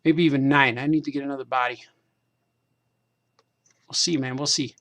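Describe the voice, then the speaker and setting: A man's voice: mid-range voice, fairly even intonation, normal speed, fairly bright tone. A man talking to himself in a loose, meandering way while he paints toy figures, repeating phrases and laughing at himself. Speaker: cartoonist hosting a craft stream. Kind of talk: casual rambling monologue while painting figures.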